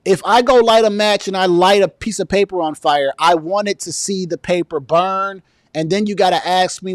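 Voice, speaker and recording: A man's voice: sits high, moderate pace, few pauses, dry recording. A man giving a political commentary rant as a vlogger, sounding indignant and sarcastic.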